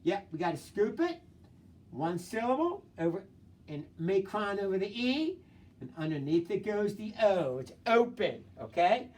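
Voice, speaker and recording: A male teacher leads a phonics lesson by video, coaxing students to tap out sounds and read words fast. His encouraging, repetitive prompts carry across the room to a camera mic set some way off. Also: high-pitched, very animated, a little mellow. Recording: voice distant from the mic.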